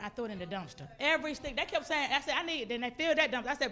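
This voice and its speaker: A woman preaching a personal testimony from a church stage. Her voice sits a little high, and she tells the story with animated, expressive delivery, acting out her own outbursts. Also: racing, few pauses. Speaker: guest speaker. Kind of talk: testimony sermon. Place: church sanctuary.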